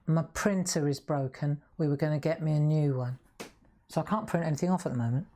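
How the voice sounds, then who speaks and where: Woman, low voice, chatty live craft host who talks straight to her viewers. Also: fast talker, mellow.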